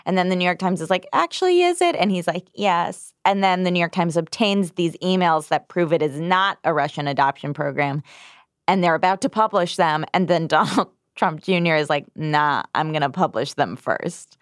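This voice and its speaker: A woman co-hosting a podcast, chatting casually and mocking the news with sarcastic, animated asides. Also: lowish voice, a little fast, clear, resonant tone, no room sound, studio quality. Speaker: podcast co-host. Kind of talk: casual comedic political chat.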